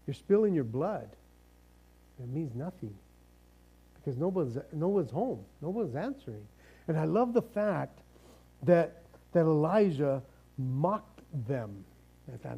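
High-voiced, mellow male preacher. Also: lively intonation, normal speed, rough recording. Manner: casual, joking preacher, conversational asides and repeated starts. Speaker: pastor. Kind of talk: sermon.

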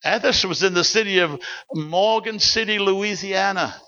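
A man preaches a sermon in a bright, forceful voice that sits a little high. He moves between storytelling and emphatic calls to the congregation. The recording is dull and lo-fi. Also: moderate pace.

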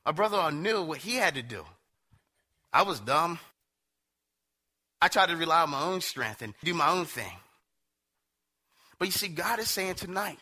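A man's voice: on the high side, brisk. A man preaching a sermon in a conversational, storytelling way, often slipping into quotes from others. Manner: conversational storytelling, quoting others in animated asides.

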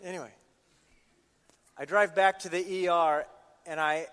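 A male pastor delivering a sermon with a slightly high voice. He reads scripture and tells stories in an easy, conversational manner. His voice carries a long reverb from the hall. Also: fairly even intonation, measured pace, a bit bright, clean tone. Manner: storytelling, conversational.

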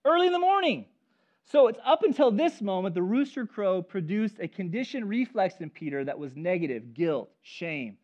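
A man preaching a sermon as pastor, telling stories in an animated, conversational way. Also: high-pitched, normal speed, few pauses. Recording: dull lo-fi recording.

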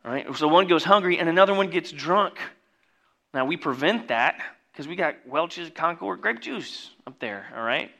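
A man preaching a sermon, reading scripture and breaking into jokey asides and loud exclamations. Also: fairly high pitch, lively intonation, moderate pace, creaky. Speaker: pastor.

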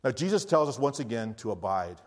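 A man's voice: mid-range voice, sing-song, brisk. A man, a missionary preacher, telling a personal story in an earnest sermon with frequent restarts. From United States. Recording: long reverb of a large hall.

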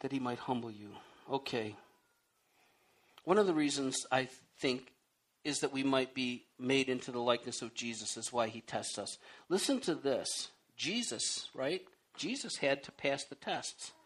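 Man, preacher, lively sweeping pitch, personal testimony, acts out his own pleas, reads scripture and explains it. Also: measured pace. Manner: animated storytelling, acting out his own pleas and rising to loud cries.

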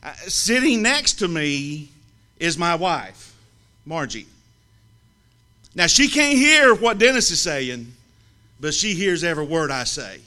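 Bright-voiced man telling a funny story. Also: a little high. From Southern US. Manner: lively and teasing, with comic pauses. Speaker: speaker telling a story about a friend. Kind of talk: humorous storytelling to an audience.

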